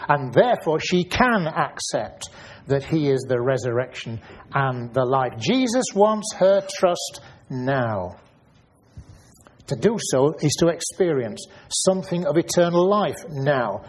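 A man's voice: medium pitch, breathy edge. A man preaching a Bible study sermon, thinking aloud and asking questions, often repeating his words.

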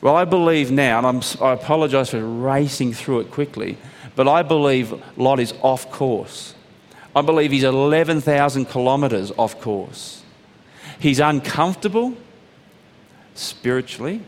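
A man preaching a sermon, telling stories and letting his voice climb high on emphatic points. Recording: long hall reverb.

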